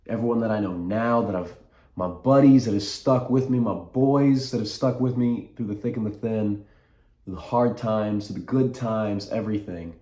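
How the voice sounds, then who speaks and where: A man's voice: lowish voice, mellow. A young man in his twenties talking to camera in a rambling, reflective vlog, often stopping to restart his sentences. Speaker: vlogger. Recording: echoey room.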